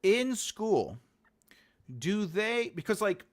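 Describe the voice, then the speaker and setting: This is a casual livestream where a US author hosts his channel, rambling loosely and repeating himself to his viewers. He speaks slowly in a high-sitting, very animated voice.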